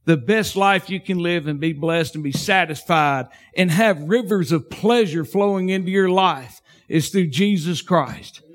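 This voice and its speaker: A man preaching a sermon as pastor, fervent and folksy, swinging from shouts to hushed tones. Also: high voice, a little slow, few pauses.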